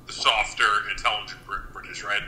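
A man's voice: lowish voice, little pitch movement, fairly quick, crowd noise, rough recording. A man co-hosting a casual chat, dropping dry, teasing remarks. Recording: faint background noise.

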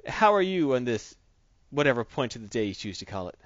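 A man's voice: mid-range voice, very animated, a little fast, dry recording. A man co-hosts a casual podcast, his voice swinging up and down as he jokes and laughs. The sound is dull and lo-fi, with a dry, close feel. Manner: jokey, laughs often, riffs on comics and movies. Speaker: podcast co-host.

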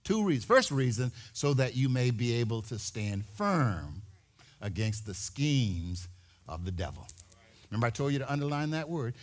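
A man preaching a sermon in a church, animated, building to shouts and repeating his words. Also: mid-range voice. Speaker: pastor.

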